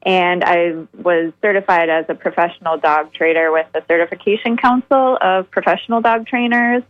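A woman from Minnesota, a dog trainer, explaining upbeat and clear as a radio interview guest. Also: fairly low pitch, normal speed, muffled recording.

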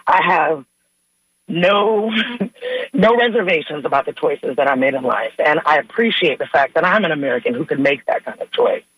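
A woman calling in to a radio show, giving an earnest, measured comment. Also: low-pitched, expressive, a bit bright, breathy edge, dry recording, low-quality recording. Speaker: caller. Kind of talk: call-in comment.

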